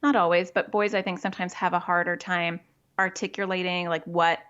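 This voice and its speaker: A woman's voice: lowish voice, level tone, a little fast, a bit bright. A woman with a muffled voice explains to parents. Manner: explanatory, practical, often acts out parent and child quotes. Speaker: child therapist, guest. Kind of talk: podcast interview.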